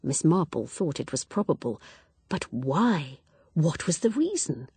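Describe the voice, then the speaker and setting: A woman narrating a mystery novel in a measured, expressive storytelling voice. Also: low-pitched, husky, no echo. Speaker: audiobook narrator. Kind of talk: scripted narration.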